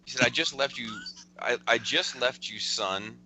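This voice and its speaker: A man's voice: medium pitch, normal speed, bright, forceful tone, a little hiss or hum, poor audio. A man hosting a casual podcast, chuckling as he rambles through a friend's text messages. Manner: chuckling, rambling storyteller with restarts. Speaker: podcast host.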